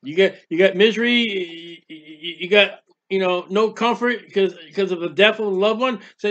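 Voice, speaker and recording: Fervent high-voiced man preaching. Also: moderate pace, a bit bright, lo-fi sound. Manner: fervent, repetitive preaching with rhetorical questions and acted-out prayers. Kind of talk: sermon.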